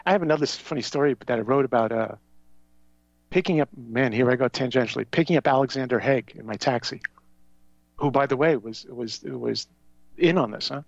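A man's voice: mid-range voice, a little fast, gravelly, no room sound. Man rambling through a tangential story, dull lo-fi sound. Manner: animated, tangential, conspiratorial storyteller. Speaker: guest.

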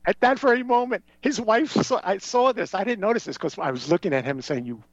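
A man telling a winding, tangent-filled story as a guest, with a voice that sits a little higher than usual for a man. The sound is dry and close, and the recording is a bit dull and lo-fi. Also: fast, dry recording. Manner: animated, tangential, conspiratorial storyteller. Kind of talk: rambling conversational storytelling.

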